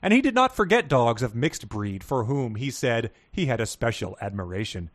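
A man co-hosting a podcast, reading passages aloud with lively, voiced dialogue and laughing often. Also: medium pitch, normal speed. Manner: reads with animated voices for dog quotes, laughs often. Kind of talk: casual chat with read-aloud quiz passages.

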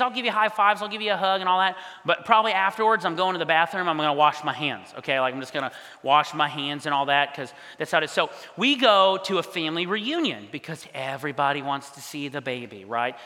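Higher-pitched guy preaching, animated storyteller, big echoey church hall. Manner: animated, acts out quoted voices. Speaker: pastor. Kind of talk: storytelling sermon. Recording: long hall reverb.

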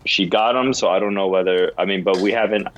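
Casting note: man with a lowish voice, hesitant and halting, in a group chat, recorded dull and lo-fi. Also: fairly even intonation, a bit bright. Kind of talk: casual chat.

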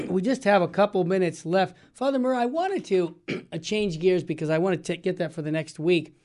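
A man's voice: sits high, brisk, darkish tone. A man hosting a radio interview, chiming in eagerly and enthusiastically. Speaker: radio host.

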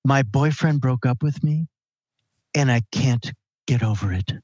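Dude doing a flat curt self-absorbed lady, barely acted. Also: mid-range voice, unhurried, no echo, dull audio, natural voice. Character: self-absorbed young woman, flat and aloof.

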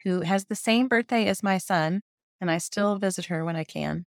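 A woman's voice: medium pitch, normal speed, vocal fry, no room sound, studio quality. A woman in her fifties, a journalist guest telling her story in a casual podcast chat, enthusiastic and laughing often. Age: 50s.

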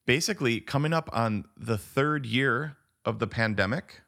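A man's voice: mid-range voice, normal speed, gravelly, fairly bright tone. A man co-hosting a podcast, laid-back and casual, often calling his friend "dude". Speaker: podcast co-host. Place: home studio, Atlanta.

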